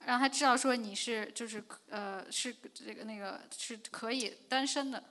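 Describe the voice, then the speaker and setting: A woman interpreting a sermon, speaking quickly with fillers. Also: a little high, pushed and bright.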